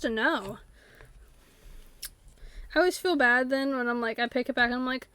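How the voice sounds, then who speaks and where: A woman's voice: high voice, normal speed, a bit bright, clean tone, no echo. A woman streamer chatting casually while playing, rambling with lots of fillers and breaking into silly voices. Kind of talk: casual chat while live-streaming a game. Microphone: desktop USB mic.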